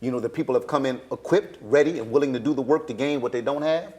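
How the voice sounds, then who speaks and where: A middle-aged man with a Southern US accent, a stage director telling lively stories in a panel conversation and acting out the voices of the people in them. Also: medium pitch, quick pace. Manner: animated storyteller, acts out voices, Southern-flavored speech.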